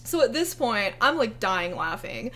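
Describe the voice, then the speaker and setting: A young woman hosting a casual commentary video, sarcastic, profane and quick to laugh. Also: a little high, sing-song, sharp tone, slight background noise.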